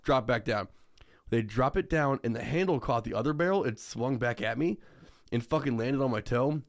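Swearing freely and laughing a lot, a young man shares a story while co-hosting a podcast. He talks at normal speed in an animated, medium-pitched voice.

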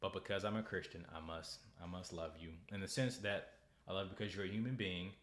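A man's voice: low voice, steady tone, reverberant. Heated, sarcastic American man ranting. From United States. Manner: sarcastic and heated, with sudden loud outbursts and halting restarts. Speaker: political commentary host. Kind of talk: casual commentary, ranting to camera.

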